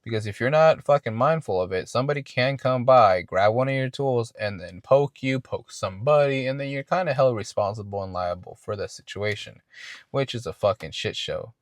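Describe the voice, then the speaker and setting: A man's voice: medium pitch, animated, normal speed, dry recording, clean studio sound. A man hosting a podcast and telling a casual, rambling story, swearing often and restarting his words. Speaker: podcast host.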